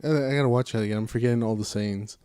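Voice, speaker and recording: A man co-hosting a casual podcast, retelling stories with quick offhand character quotes. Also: medium pitch, warm tone, smooth, no room sound, studio quality. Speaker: podcast co-host. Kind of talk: casual chat.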